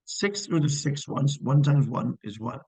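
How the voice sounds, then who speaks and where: A man's voice: medium pitch, a little slow, darkish tone, slightly rough, no echo, poor audio. A man teaching physics in a live online class, checking students' answers with encouragement and working through problems step by step.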